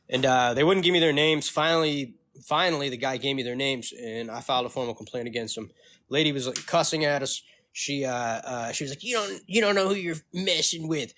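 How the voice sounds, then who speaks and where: Guy ranting to camera, cussing a lot, mid-pitch voice, fired up. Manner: animated, profane, ranting storyteller. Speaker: vlogger. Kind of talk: casual ranting vlog. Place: California.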